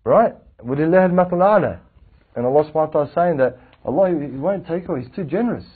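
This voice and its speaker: A man giving a casual religious class, lively and animated, acting out little anecdotes. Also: fairly high pitch, rapid-fire, slightly rough. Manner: lively, animated, acts out anecdotes, frequent restarts. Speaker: religious teacher. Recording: tinny phone-like lo-fi recording.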